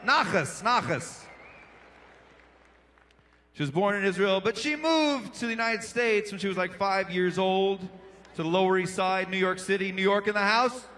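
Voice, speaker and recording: A man's voice: sits high, fairly quick, a bit bright, slight background noise. A male stand-up comedian and emcee, punchy and playful, riffing with a crowd on a big indoor arena stage through a handheld microphone.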